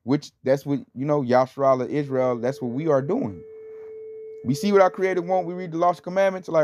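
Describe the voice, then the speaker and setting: A man's voice: a little high, a little fast, a little mellow, a little hiss or hum. Man, informal preacher, rambling, scornful, lots of fillers, dull lo-fi audio. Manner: rambling, conversational, full of fillers; scornful and emphatic. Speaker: religious teacher. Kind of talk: informal religious commentary. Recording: dull lo-fi recording with faint music.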